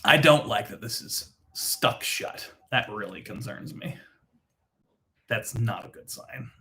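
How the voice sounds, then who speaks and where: A man's voice: medium pitch, slow pace, bright, forceful tone. A man hosting a drinks show, chatting casually and joking through a tasting. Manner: playful, joking, mock-frail grumbling.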